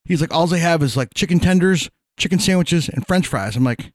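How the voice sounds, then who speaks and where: A man from Vermont telling a profane, animated story in casual podcast chat. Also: a little high, fairly quick, few pauses, no echo, clean studio sound.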